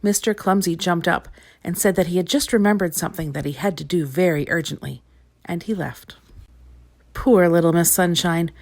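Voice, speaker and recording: A woman reading a children's storybook aloud, expressive and clear. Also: lowish voice.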